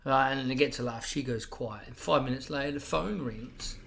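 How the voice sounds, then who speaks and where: Brash gravelly Australian man. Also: medium pitch, moderate pace, a bit bright. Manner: brash, swearing, acts out quotes. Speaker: stand-up comedian guest. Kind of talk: casual storytelling.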